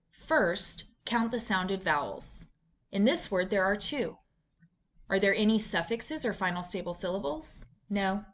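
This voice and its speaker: A woman giving scripted instructional narration for a reading lesson, in a clear, measured, deliberate teaching delivery. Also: medium pitch, a bit bright. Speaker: literacy instructor.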